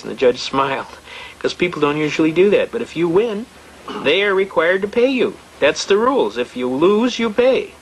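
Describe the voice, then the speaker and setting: A man's voice: on the high side, very animated, normal speed, slight background noise, rough recording. A man giving a folksy, blunt lecture on representing yourself in court, full of anecdotes and restarts. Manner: blunt, storytelling, frequent restarts and repetitions. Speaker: seminar speaker on self-representation in court.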